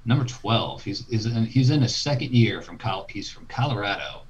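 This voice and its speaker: Lively-voiced man on a dull lo-fi line. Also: on the low side, moderate pace. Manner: laid-back, chuckling, hedging. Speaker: podcast co-host. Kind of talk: casual sports chat. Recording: dull lo-fi sound.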